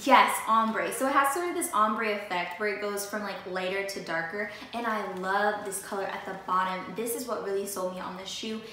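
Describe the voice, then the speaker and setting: A young woman's medium-pitched voice moves fairly quickly with few pauses as she talks directly to her viewers about her new sneakers. The vlog is a casual, lively haul chat, and the room sounds echoey with faint noise.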